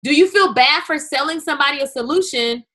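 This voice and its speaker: A woman hosting a business webinar, speaking in an energetic, chatty way straight to her viewers. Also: high voice, brisk. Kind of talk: live webinar talk.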